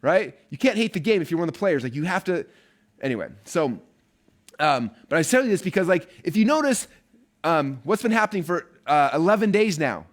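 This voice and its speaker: A man teaching a live online marketing course at a rapid clip, his voice sitting a bit high. He talks with chatty energy and keeps checking in with "right?" and "okay?".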